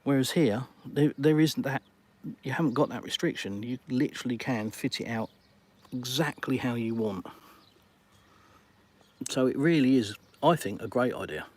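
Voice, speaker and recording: A man's voice: medium pitch, moderate pace. A middle-aged Englishman chatting casually on a live stream, reading viewer comments and calling people mate. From England.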